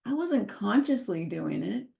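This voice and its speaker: A woman speaker at a wellness masterclass, telling a personal story in an expressive way and laughing often as she goes. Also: medium pitch, a little slow, gravelly. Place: talk or masterclass session.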